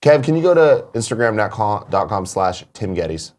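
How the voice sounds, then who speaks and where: A man's voice: fairly low pitch, big pitch swings, normal speed, a little mellow. A man in his thirties hosting a casual morning show, telling stories animatedly and swearing freely. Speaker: show host. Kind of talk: casual chat.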